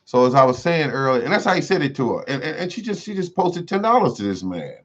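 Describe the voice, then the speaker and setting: A man's voice: a little high, very animated, quick pace, fairly bright tone. A man hosting a casual gardening livestream, rambling and repeating himself with many fillers. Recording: dull lo-fi sound.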